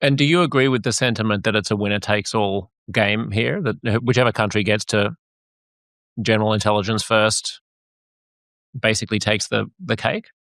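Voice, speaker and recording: A man's voice: fairly low pitch, steady tone, normal speed, a bit bright, dry recording. A man hosting a podcast interview, chatty and jokey, often laughing as he talks. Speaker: podcast host. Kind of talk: casual interview chat.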